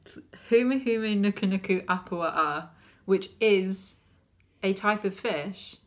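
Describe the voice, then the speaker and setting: A woman's voice: mid-range voice, measured pace, a bit bright. Woman chatting about a film, laughs easily, friendly casual podcast talk. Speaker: podcast co-host. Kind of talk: casual film review chat.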